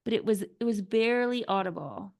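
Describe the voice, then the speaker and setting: A woman author talking earnestly as a podcast guest, often filling with "like" and dropping to a soft hush when describing calm. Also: mid-range voice, brisk, creaky. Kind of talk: podcast interview.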